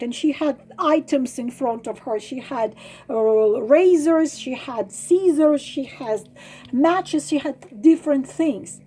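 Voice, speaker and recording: Slow high-voiced woman giving earnest advice. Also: mellow. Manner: pleading, repeats herself, many ums and restarts. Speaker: tarot channel host giving advice.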